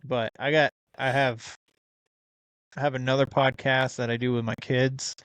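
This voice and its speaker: Male podcast host, relaxed interviewer, smooth clear voice, dry close sound. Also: medium pitch, normal speed, no echo. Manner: easygoing, laughs often, many ums. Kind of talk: casual interview chat.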